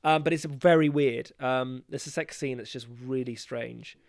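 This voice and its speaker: A young man chatting as a podcast guest, telling stories with animation, laughing and swinging between loud and soft. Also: medium pitch, moderate pace, vocal fry, no room sound, clean studio sound. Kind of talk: casual chat. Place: podcast recording.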